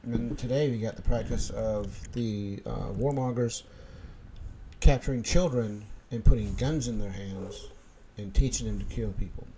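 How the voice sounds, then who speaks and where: A man's voice: on the low side, a little slow, mellow, poor audio. A man co-hosting a casual podcast chat, rambling and joking, laughing often. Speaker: podcast co-host.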